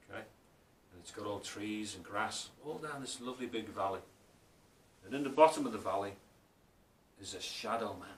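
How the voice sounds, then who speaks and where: A man giving a spiritual talk as author and speaker, telling stories in a reflective way and slowing down for emphasis. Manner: storytelling, reflective, often slows for emphasis. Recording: roomy, distant mic, faint rumble.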